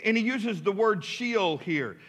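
High, bright-voiced preaching pastor. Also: male voice, expressive, a little slow. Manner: emphatic preaching with call-and-response to the congregation; casual asides amid preaching. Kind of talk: sermon. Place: church.

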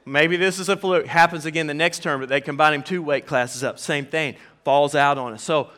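A pastor with a Southern US accent preaches a sermon in church, his voice on the high side at a moderate pace. He's an animated storyteller who acts out the quotes.

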